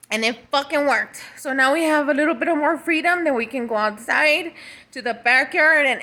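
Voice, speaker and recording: A woman's voice: a little high, sharp tone. A woman giving a casual, emotional vlog update as a mother, swearing freely and talking straight to her viewers. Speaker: mother and vlogger.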